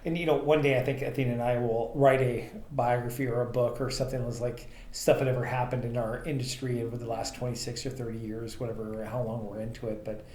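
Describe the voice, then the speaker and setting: A man co-hosting a podcast tells rambling, filler-heavy anecdotes about his transportation business in a casual storytelling chat. His medium-pitched, slightly mellow voice stays level as he talks fast with few pauses, in an echoey room with faint ambient noise.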